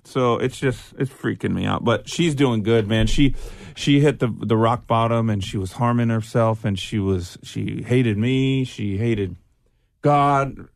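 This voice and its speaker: A man's voice: medium pitch, a little slow, vocal fry, dry recording, clean studio sound. A middle-aged man talking as a podcast guest in a rambling, joking way with lots of fillers. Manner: rambling, loose, jokey, many fillers. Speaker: guest musician. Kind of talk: casual podcast interview.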